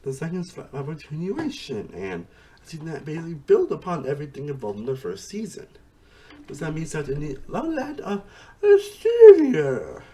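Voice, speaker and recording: A man's voice: fairly high pitch, a little mellow, a little hiss or hum. A man giving a casual, rambling spoken review, repeating himself and saying "honestly" often.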